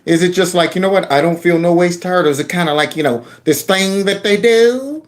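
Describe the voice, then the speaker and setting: A man's voice: high voice, brisk. A man hosting his own channel, giving mocking political commentary on video clips with sudden squeals and laughs. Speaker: channel host.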